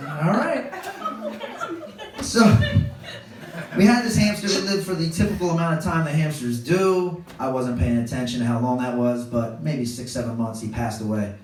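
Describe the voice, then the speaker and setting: A man's voice: on the high side, expressive, moderate pace, a crowd in the background. A man in his thirties doing a storytelling stand-up comedy set on a club stage, wry and self-deprecating. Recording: echoey club room, distant mic, audience laughter.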